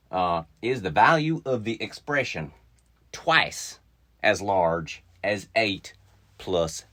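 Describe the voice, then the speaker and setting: A man's voice: low voice, a bit bright. A man teaching a casual math lesson to kids, playful and talking to himself as he works through problems. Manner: playful, talks to himself while solving. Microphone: mic not attached to his body.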